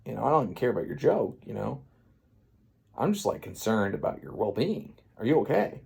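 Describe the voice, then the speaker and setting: A man's voice: fairly low pitch, sing-song, vocal fry, slightly rough, exaggerated voice. A man voicing a laid-back, worried talking turtle in a comic story. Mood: concerned. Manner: mellow, slow, concerned.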